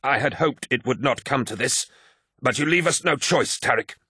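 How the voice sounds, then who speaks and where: A man reading an audiobook, voicing a scheming male warrior who speaks in a measured, menacing way. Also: medium pitch, pushed and bright, husky, no room sound, clean studio sound, pitched above the performer's own voice. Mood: grave. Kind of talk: audiobook character voice.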